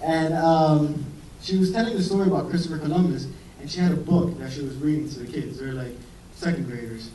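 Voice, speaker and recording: A man's voice: a little high, a little fast, dark tone, a little hiss or hum. A young man, a medical student, doing a rambling, profane stand-up set in front of a live audience. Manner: rambling, profane, self-deprecating storytelling. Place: comedy venue with live audience. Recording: roomy, distant live recording with crowd laughter. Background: audience laughing.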